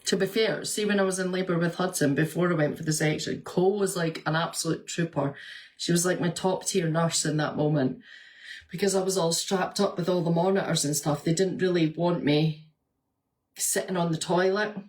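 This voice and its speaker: A woman with a slightly low voice chats casually on her vlog, answering viewer comments. She is animated and talkative, breaking into laughter often as she tells her stories. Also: moderate pace. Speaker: vlogger and nurse.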